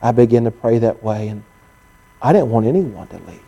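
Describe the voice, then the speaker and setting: A male pastor preaching a sermon, telling stories and acting out what others said to him, often rising to an excited, strained pitch. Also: moderate pace, gravelly, slightly rough. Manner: storytelling preacher, climbing to high excited pitch when quoting others.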